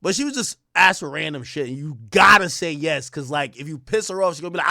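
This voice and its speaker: A man's voice: on the high side, fast, creaky, no room sound, studio quality. A young adult man telling a long personal story in casual, profane streamer talk, acting out the voices of people he quotes. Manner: animated, swears a lot, acts out quoted voices.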